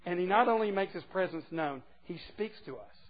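A man's voice: high-pitched, expressive, brisk. Earnest preacher man, lo-fi. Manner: earnest, builds from hushed to emphatic. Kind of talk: sermon to a men's group. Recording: muffled lo-fi recording.

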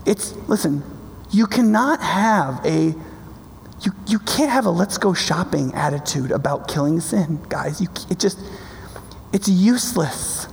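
A man's voice: high voice, lively intonation, measured pace, vocal fry, in a large hall, slight background noise. A man preaching a sermon in an emphatic, conversational way, often checking in with his listeners. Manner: emphatic, conversational, keeps asking "right?".

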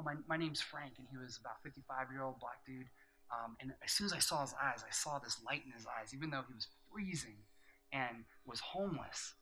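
Bright-voiced pastor preaching with rising emphasis. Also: male voice, mid-range voice, a little hiss or hum, low-quality recording. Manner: earnest storytelling, drops soft for the story and rises to emphatic preaching. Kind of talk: sermon with personal story.

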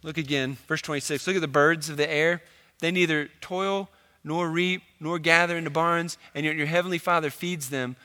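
Man, young adult, pastor, conversational joking sermon, high voice, long hall reverb. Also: fairly even intonation, moderate pace, bright, forceful tone. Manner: casual, joking, conversational preaching.

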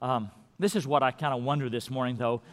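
A man preaching a sermon as pastor, earnest and repetitive, sometimes dropping his voice to a hush to stress a word. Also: medium pitch, fairly even intonation, a little fast. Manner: earnest, repeats key words, drops to a hush for emphasis. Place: large church sanctuary. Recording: long hall reverb in a big church.

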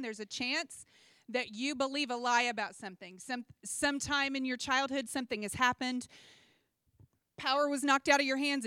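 A young adult woman preaching a sermon in a chatty, animated way, full of personal asides and humor. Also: fairly high pitch, smooth, no echo, studio quality. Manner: conversational and animated, with asides and self-deprecating humor.

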